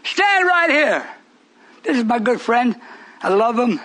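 A man's voice: very high-pitched, very animated, slow, sharp tone. A man preaching a sermon to a live congregation, teasing and questioning them in call-and-response. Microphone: broadcast on shortwave radio.

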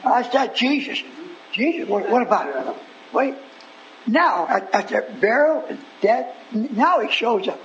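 A male preacher voicing a flustered, excitable woman in a sermon retelling. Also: very high-pitched, a little slow, slight background noise, full character voice, rough recording. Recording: congregation audible behind.

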